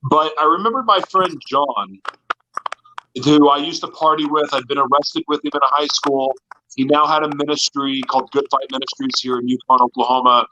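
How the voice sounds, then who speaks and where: A man's voice: a little high, fairly even intonation, normal speed, bright, forceful tone, dull audio, slight background noise. A man in an interview, telling his personal story in an earnest, confessional way. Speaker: guest.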